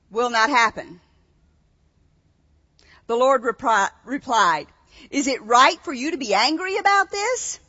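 A woman preaches with a high, bright voice, reading a story aloud and then putting questions to the listeners. Her voice carries a long echo through a large hall. The recording is muffled and dull. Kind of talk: sermon reading scripture aloud.

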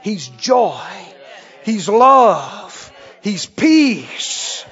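A man preaching a sermon in a very high, sing-song voice that swoops up and down. He speaks slowly and animatedly, laughs often and throws questions at his congregation, and the recording sounds dull and lo-fi. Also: very animated, fairly bright tone, husky.

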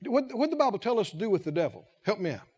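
A man's voice: high voice, big pitch swings, very fast, darkish tone, husky, highs cut off. A man preaching a sermon as head of a ministry, emphatic and repetitive, asking the congregation questions and acting out quotes.

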